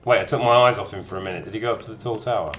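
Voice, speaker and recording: A man's voice: lowish voice, racing, fairly bright tone, soft background music. A man casually chatting to his live-stream viewers as he plays a game, reading out their comments with jokey asides. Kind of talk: casual live-stream chat while gaming.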